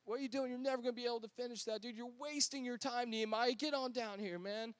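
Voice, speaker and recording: Preacher doing sneering hecklers, high-pitched and fast-talking, dry sound. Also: male voice, steady tone, clean tone, dry recording. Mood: taunting. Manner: mocking, taunting, pushy. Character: jeering young male enemies of a hero.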